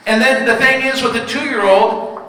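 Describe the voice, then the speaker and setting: A young man performing a stand-up comedy routine, telling animated stories and slipping into put-on voices. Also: extremely high pitch, normal speed. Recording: echoey hall from far off.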